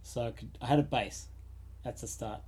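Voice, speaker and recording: A man's voice: mid-range voice, moderate pace, darkish tone, slightly rough. A man co-hosting a casual chat, laid-back, often trailing off and laughing. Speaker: podcast co-host. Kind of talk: casual chat about guitar pedals.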